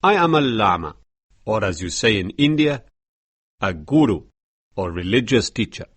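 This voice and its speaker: A man with a British accent voicing an old male Tibetan lama in an audiobook, speaking in a slow, measured and solemn way with a husky tone. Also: fairly low pitch, sing-song, no room sound. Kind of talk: audiobook character reading.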